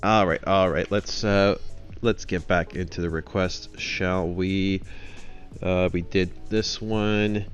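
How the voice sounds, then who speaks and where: A man's voice: low-pitched, fairly even intonation, slow, faint music behind. A man hosting a livestream in casual chat, rambling with fillers and jokes. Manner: rambling, full of fillers, joking. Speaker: host of a trading livestream.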